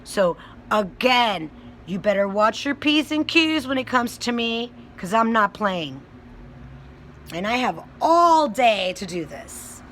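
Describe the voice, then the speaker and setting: A woman records an angry commentary for her video channel, speaking slowly and pointedly. Her voice sits a little high and sounds bright and sharp. She is blunt, swears freely and talks down to the people she criticizes. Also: big pitch swings, a little hiss or hum, rough recording. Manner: blunt, profane, confrontational. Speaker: self-described child advocate vlogger.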